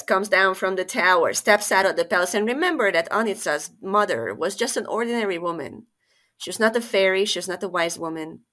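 A woman telling a fairytale on a podcast in an expressive, conversational way. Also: mid-range voice. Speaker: storyteller.

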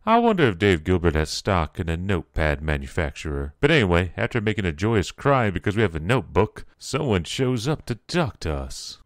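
A young man with a low voice tosses off sarcastic, mocking asides as he plays through a game. The recording is dry and close, with no room sound. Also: sing-song, a little fast, few pauses, no room sound, soft background music. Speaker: let's play commentator.

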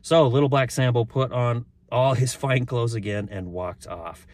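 A man's voice: mid-range voice, fairly even intonation, moderate pace, darkish tone, dry recording. A man reading a children's story aloud, chuckling and stumbling now and then, with chatty asides. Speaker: reader.

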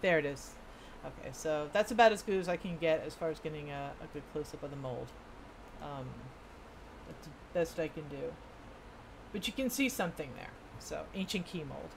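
A woman's voice: sits low, animated, normal speed, creaky, background noise. A young woman chatting casually as she streams a video game, rambling and amused at herself. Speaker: gaming streamer. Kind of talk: casual gameplay commentary.

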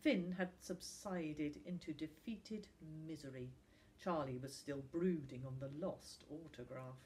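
A woman teacher reading a children's novel aloud, expressive and voicing each character with big jumps in pitch. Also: measured pace. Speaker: primary school teacher.

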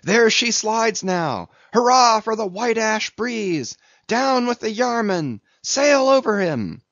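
A man shouting as cheering whaleboat mates. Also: high-pitched, big pitch swings, takes it slowly, dry recording, pitched above the performer's own voice, heavily acted. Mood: exhilarated. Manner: shouted rallying cry. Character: excited male whaling mates cheering a boat race. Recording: dull lo-fi recording.

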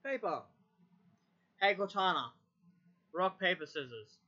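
A person speaks in an expressive, unhurried mid-range voice that sounds pushed and bright with a breathy edge. Testing a voice assistant in casual chat, they repeat commands and mutter curses. The audio is dull and lo-fi, recorded with the speaker away from the mic.

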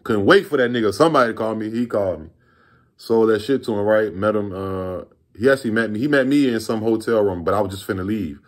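In a casual storytime vlog, a fast-talking man in his thirties from Virginia, USA, tells a rambling, laid-back story full of profane slang. His voice sits on the lower side.

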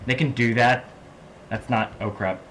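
A man from the American South giving excitable let's-play commentary, swinging between low mumbles and loud laughing outbursts. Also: unhurried, a little hiss or hum. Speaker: gaming channel host.

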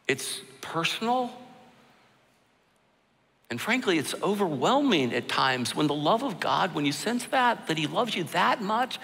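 Middle-aged guy preaching hard, bright gravelly voice, lots of hall echo. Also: sits high. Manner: impassioned, repeats phrases for emphasis. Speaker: pastor. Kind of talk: sermon. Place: large church hall. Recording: long church hall reverb.

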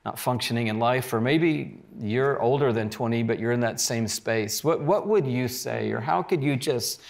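A man hosting a faith TV interview, asking slow, encouraging questions. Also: medium pitch, creaky. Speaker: host.

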